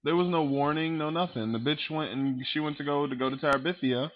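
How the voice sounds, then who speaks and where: A man's voice: fairly high pitch, a little fast, highs cut off. A man ranting casually about movie scenes to his webcam, swearing a lot and acting out characters. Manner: profane, animated, mimics characters. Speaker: vlogger.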